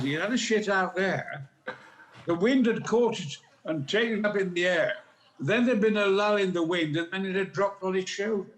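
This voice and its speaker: Talk-show guest in his eighties, Yorkshire accent, high and booming, dramatic raconteur. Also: a little hiss or hum. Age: 80s. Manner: booming, dramatic, bawdy anecdotes. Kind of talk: theatrical storytelling.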